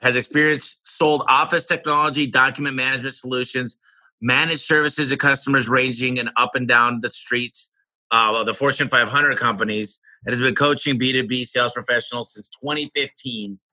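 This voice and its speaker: A man's voice: medium pitch, steady tone, brisk, sharp tone, dry recording, rough recording. A man hosting a sales podcast, introducing and questioning his guest in a friendly, laid-back way. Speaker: podcast host. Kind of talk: casual interview.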